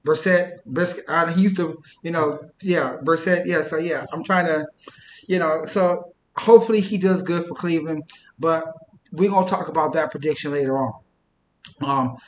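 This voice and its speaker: A man's voice: on the high side, a bit bright, roomy sound, slight background noise. A man talking casually to the camera for his channel, rambling and interrupting himself. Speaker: YouTuber.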